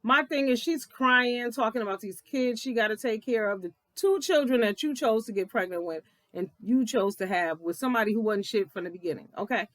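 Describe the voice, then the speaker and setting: A woman giving a blunt, profane, animated recap of a reality TV episode, laughing often as she talks. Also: fairly high pitch, fairly quick, few pauses, no echo. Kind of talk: casual episode recap commentary.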